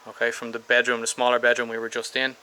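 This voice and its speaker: Bright-voiced Irish man touring a house. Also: medium pitch, fast talker, smooth, rough recording. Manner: relaxed, rambling, frequent ums and restarts. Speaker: vlogger giving a property tour. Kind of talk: casual walking house tour. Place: in and around a house on a tropical island.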